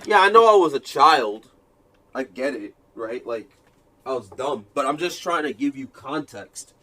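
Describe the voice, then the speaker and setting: A man's voice: mid-range voice, lively intonation, unhurried, bright, forceful tone. Profane rambling male streamer. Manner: rambling, profane, self-mocking storytelling; keeps repeating himself in exasperation. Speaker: fighting game streamer. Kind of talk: casual live-stream chat.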